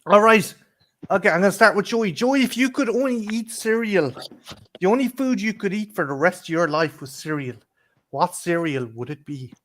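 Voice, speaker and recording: A man's voice: high-pitched, lively intonation, moderate pace, a bit bright. An Irish man co-hosts a loose, casual show. He talks in winding, restarting sentences full of swearing and keeps breaking into laughter as he goes. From Ireland. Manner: rambling, swears a lot, often laughs mid-sentence. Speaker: co-host. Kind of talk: casual chat.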